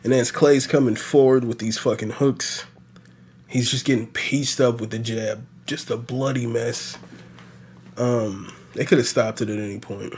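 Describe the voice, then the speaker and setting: A man hosting a podcast, recapping fights in a casual, animated and profane ramble full of fillers. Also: medium pitch, unhurried, slight background noise. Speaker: podcast host. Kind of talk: casual solo sports recap.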